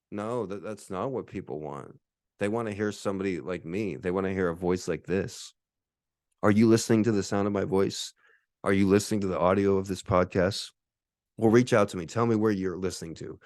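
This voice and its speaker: A man's voice: low-pitched, darkish tone, clear, resonant tone, no room sound, studio quality. A man in his forties hosting a podcast, ranting in a profane, boastful, combative monologue. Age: 40s. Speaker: podcast host.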